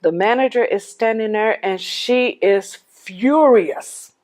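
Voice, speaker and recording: A middle-aged widow giving a personal testimony, telling her story in an animated way and acting out the dialogue. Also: mid-range voice, slow.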